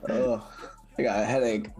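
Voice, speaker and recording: A man's voice: medium pitch, darkish tone. A man co-hosting a trading stream, joking and bantering playfully with friends. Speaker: co-host trader. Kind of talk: casual banter.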